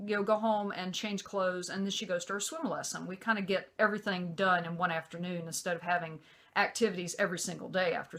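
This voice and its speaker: A woman's voice: on the low side, a bit bright. Middle-aged woman, vlogger, casual storytelling, exasperated, rambling, fillers.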